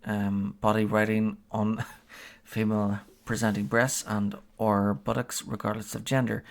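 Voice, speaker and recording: A man's voice: lowish voice, little pitch movement, unhurried, creaky. A man streaming a game, chatting casually and reading a policy aloud, hesitant with many fillers and frequent chuckles.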